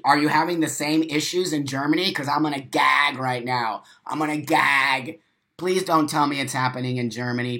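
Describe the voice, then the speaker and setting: Speaking rapid-fire at medium pitch, a streamer goes off on an improvised, swearing-filled tirade. Between reading comments from viewers, he echoes his own lines for impact and alternates shouted bursts with hushed side remarks.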